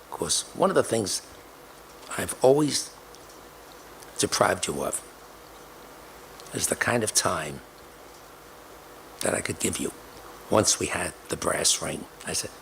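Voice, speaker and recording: A man's voice: deep voice, expressive, unhurried, creaky, long pauses, a bit bright, a little hiss or hum. An older man telling a personal story emphatically, acting out the dialogue he quotes.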